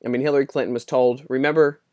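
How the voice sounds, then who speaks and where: A man's voice: medium pitch, steady tone, fast talker, mellow, no echo, studio quality. A man delivering a rambling, sarcastic political opinion monologue, laughing often as he mocks. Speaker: political commentator.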